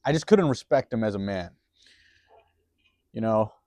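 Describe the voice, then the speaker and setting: A man's voice: fairly low pitch, animated, moderate pace, a little mellow, no echo. A man telling a story in a rambling, profane, casual way, full of restarts and chuckles.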